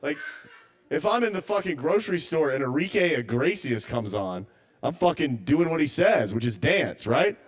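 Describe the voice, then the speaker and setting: A man works through a stand-up set at a small live open mic. His voice sits a little high, and he rambles, stammers and restarts as he second-guesses his own material. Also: very animated, moderate pace.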